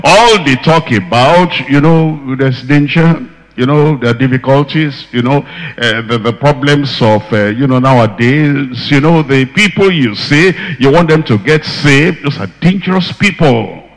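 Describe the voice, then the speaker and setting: A man's voice: mid-range voice, measured pace. A man preaching a sermon, quoting scripture and repeating his key phrases for emphasis. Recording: long hall reverb.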